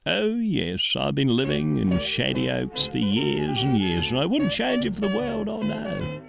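A man's voice: on the high side, huge pitch swings, measured pace, creaky, over music, voice pushed up, exaggerated voice. A man voicing a cheerful, rambling old man living in a retirement home. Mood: chatty.

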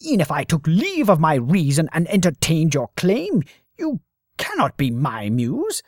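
A man's voice: on the high side, wildly swooping pitch, measured pace, no room sound, clean studio sound, pitched above the performer's own voice, exaggerated voice. A man voicing an indignant, flowery male playwright who talks in theatrical, archaic phrases.

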